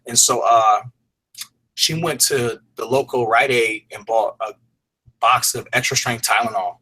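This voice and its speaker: Bright-voiced man telling a personal story. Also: mid-range voice, steady tone, normal speed, rough recording. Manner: earnest, rambling, frequent fillers and restarts; casual slang. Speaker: fitness program creator, interview guest.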